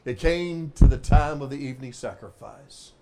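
A male preacher delivering a sermon with dramatic swings between loud exclamations and hushed emphasis. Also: medium pitch, moderate pace.

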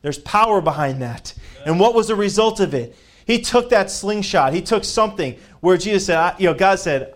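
A man's voice: high-pitched, animated, normal speed. Emphatic man preaching a sermon. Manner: emphatic, rises on key phrases, repeats words. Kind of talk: sermon with scripture reading.

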